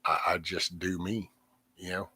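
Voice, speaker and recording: He's a middle-aged livestream host at home, venting in a rambling, cussing way that keeps trailing off. The low, husky voice has a flat delivery and a bright, forceful tone at a measured pace, and there's no room sound.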